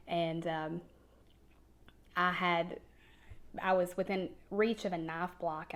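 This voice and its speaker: A woman recounts a hard personal story in plain, unscripted speech. She stumbles and repeats her words when the memory weighs on her, then pushes on. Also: lowish voice.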